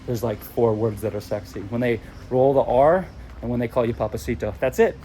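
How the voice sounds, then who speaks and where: Brief: chatty, opinionated male travel vlogger walking outdoors, handheld mic picking up clear traffic noise. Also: medium pitch, fairly quick, dark tone. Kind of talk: casual walking vlog. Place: city streets outdoors. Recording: street noise around the mic. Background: traffic and urban street noise.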